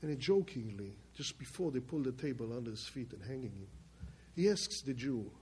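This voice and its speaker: An older man giving a spoken testimony from his family's past, emphatic and halting. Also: medium pitch, animated, a little mellow, a little hiss or hum. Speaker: storyteller.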